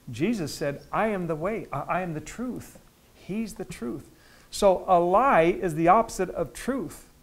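A male pastor teaching a midweek Bible study in a church, talking conversationally with repeated words and loud emphatic stretches. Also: fairly high pitch.

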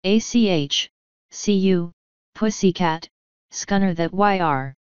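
A woman voicing a tiny, brash male fairy warrior, shouting cocky rough slang. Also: fairly low pitch, takes it slowly, dry recording, muffled recording. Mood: fierce.

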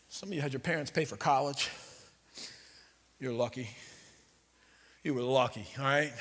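Animated preacher in a reverberant church. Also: male voice, mid-range voice. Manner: animated, conversational storytelling with jokes. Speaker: pastor. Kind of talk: sermon. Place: church sanctuary.

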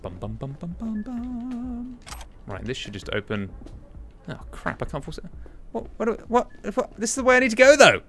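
A man's voice: high voice, huge pitch swings, a little fast, a bit bright, faint music behind. A young man giving chatty, exasperated commentary while playing a game. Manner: chatty, exasperated, muttering to himself. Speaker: gaming commentator. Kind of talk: casual let's-play commentary.

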